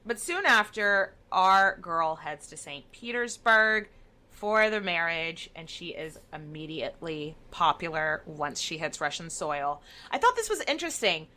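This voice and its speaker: A woman's voice: on the low side, bright, forceful tone. A woman co-hosting a podcast in casual, wry chat about history. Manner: chatty, wry, swearing. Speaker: podcast co-host.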